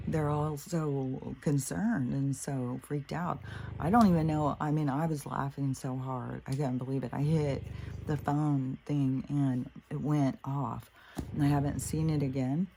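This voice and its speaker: A woman's voice: rumbling low, fairly even intonation, a little slow, gravelly, warm tone, slight background noise. A woman talking in a casual, rambling monologue, laughing often and swearing freely. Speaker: spiritual vlogger.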